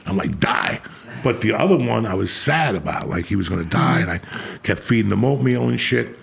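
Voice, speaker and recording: A man's voice: lowish voice, expressive, fairly quick, creaky. A middle-aged man telling a blunt, profanity-heavy personal story in casual chat as a podcast host.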